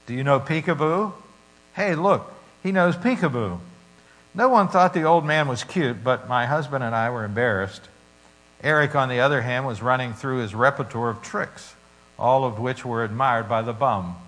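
A man preaching, reading a story and scripture with dramatic shifts in loudness. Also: medium pitch, moderate pace, poor audio. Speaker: pastor.

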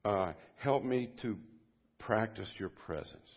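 A man, a pastor, giving an informal sermon to a men's group at a church service, talking conversationally and swinging from loud bursts to quiet asides. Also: on the low side, takes it slowly. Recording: dull lo-fi sermon audio.

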